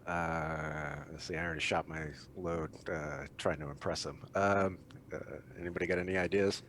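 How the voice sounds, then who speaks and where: A man talks casually as a player in a tabletop game, joking with the table. His voice is very deep. Faint noise sits behind him. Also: fairly even intonation, moderate pace, a bit bright.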